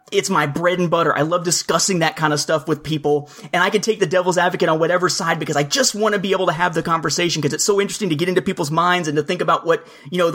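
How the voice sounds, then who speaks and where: A man's voice: on the high side, a bit bright. A man in casual podcast talk who explains at length and likes to mimic lines he quotes. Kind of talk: casual chat.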